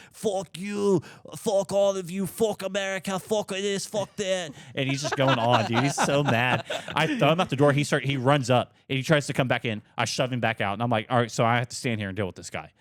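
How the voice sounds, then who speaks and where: A man in his twenties on a podcast, telling a story in casual chat, animated, heavy on swearing and fillers. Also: mid-range voice, dry recording, clean studio sound. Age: 20s. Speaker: podcast co-host.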